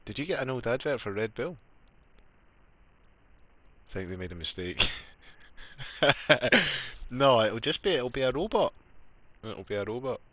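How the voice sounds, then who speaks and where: A man's voice: medium pitch, lively intonation, measured pace, pauses often, a bit bright, no room sound. A man live-streaming a game, chatty and joking, laughing often as he talks to his viewers. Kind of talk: casual live-stream chat.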